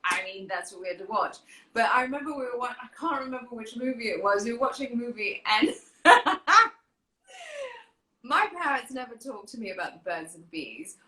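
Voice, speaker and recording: A woman's voice: a little high, animated, a little fast. A woman hosting a casual chat show, talking earnestly and laughing as she tells stories. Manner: warm, earnest and laughing while telling stories. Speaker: host. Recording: roomy echo.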